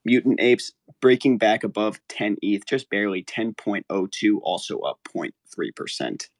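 A man with a lowish voice gives a relaxed podcast market update. He rattles off numbers in a dry, close recording. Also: moderate pace, no room sound. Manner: relaxed, hedging, rattles off figures.

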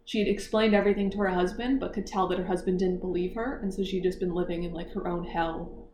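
A woman hosting a casual book club chat, retelling a mystery plot in animated detail and laughing often. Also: on the low side, quick pace. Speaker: book club podcast host. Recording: echoey room, faint noise.

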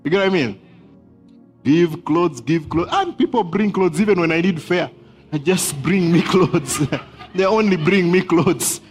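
A man's voice: high-pitched, animated, measured pace, faint music behind. A man preaching a sermon as pastor, emphatic, repeating key phrases and laughing between points.

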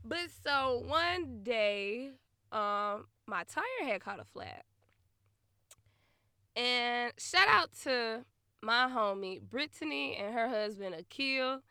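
A young adult woman hosting her own podcast, telling a story in a blunt, profane, laughing way that swings from muttering to loud outbursts. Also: on the high side, expressive, slow, pauses often, clear, resonant tone, no room sound, clean studio sound. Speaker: podcast host. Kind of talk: casual storytelling monologue.

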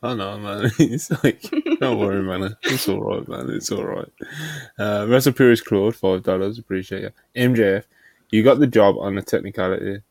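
A man's voice: lowish voice, normal speed, creaky, a little mellow, no echo. A man hosting a podcast in casual chat, laid-back, laughing often and reading out donations.

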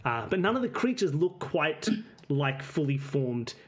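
Male game master with a rambling, halting narration style. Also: on the high side, sing-song, slight background noise.

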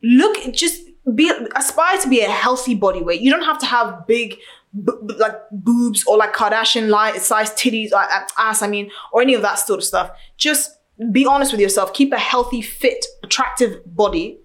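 A young woman talking in a casual chat, outspoken and animated, acting out what other people said. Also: on the high side, normal speed. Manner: outspoken, animated storyteller, acts out quotes.

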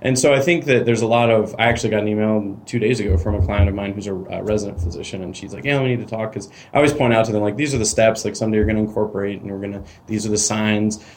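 Canadian advisor hosting a podcast, talks fast, lowish voice, lots of "like", little hiss. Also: male voice, steady tone. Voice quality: chatty, lots of "like" and "you know". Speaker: financial advisor and podcast host. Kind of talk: podcast interview.

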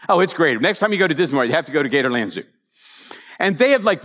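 Male pastor, fairly high, very expressive delivery; chatty sermon storytelling; long hall echo. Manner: animated storytelling with asides to the congregation. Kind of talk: conversational sermon.

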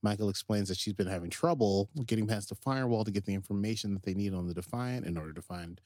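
A man's voice: lowish voice, quick pace, darkish tone, dry recording, studio quality. A man co-hosting a podcast, casually recapping an episode in a rambling way, full of fillers and acted-out quotes. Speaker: podcast co-host.

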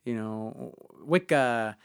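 A man's voice: very slow, clear, resonant tone. A man co-hosting a podcast, telling a personal story in a chatty way with many fillers. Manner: chatty, many fillers, acts out quotes in higher voices. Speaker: podcast co-host.

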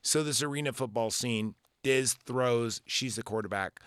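A man's voice: mid-range voice, moderate pace, a bit bright, clear, resonant tone, no room sound. A man in his forties hosting a podcast, giving a casual, rambling movie recap with lots of swearing and filler words. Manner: rambling and profane, full of fillers. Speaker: podcast host.

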